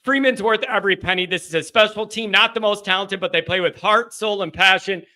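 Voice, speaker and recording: Overwhelmed, high-voiced livestream host. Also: male voice, brisk, pushed and bright. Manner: breathless, rambling, loses his place. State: overcome with emotion. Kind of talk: postgame call-in livestream, reading viewer messages.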